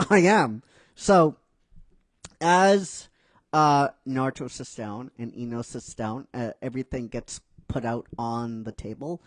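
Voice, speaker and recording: A man's voice: mid-range voice, slow pace, no room sound. A man casually narrating his own script, rambling and hesitant, with fillers and self-corrections. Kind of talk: casual storytelling.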